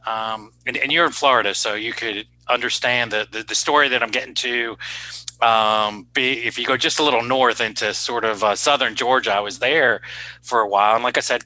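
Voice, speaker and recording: A middle-aged man with a sharp, forceful tone tells stories from his past in a casual interview. He rambles with many fillers and pokes fun at himself, his voice sitting in an ordinary middle range. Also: medium pitch, poor audio. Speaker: cardiologist and chef, guest.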